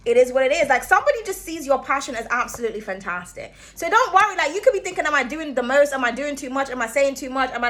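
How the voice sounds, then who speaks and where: Woman, high voice, bright, casual rambling tarot reading. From outside the United States. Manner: chatty, rambling, swears casually, hums and laughs often. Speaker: tarot reader.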